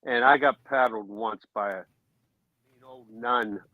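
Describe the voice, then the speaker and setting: A man's voice: medium pitch, steady tone, a little slow, no echo, narrow, tinny audio. A middle-aged man telling laid-back anecdotes about his youth in a casual chat, chuckling now and then.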